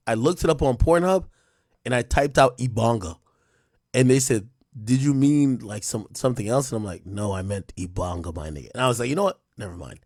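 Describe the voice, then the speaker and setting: A man hosting a live stream, reading out donations in loose, profane, casual chat with loud excited bursts. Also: mid-range voice, fairly quick, husky, dry recording, studio quality.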